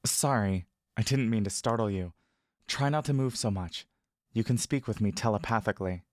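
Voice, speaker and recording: A man voicing a soothing gentle furbolg. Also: fairly low pitch, normal speed, no echo, studio quality, close to an everyday voice. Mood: calm. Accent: elvish intonation. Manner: calm, reassuring. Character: gentle male furbolg speaking telepathically. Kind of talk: audio drama narration.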